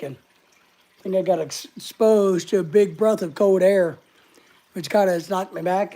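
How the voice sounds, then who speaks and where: Host, female, short of breath, mellow voice, rambling chat that greets each viewer. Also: mid-range voice. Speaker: live-stream host. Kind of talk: casual live-stream chat.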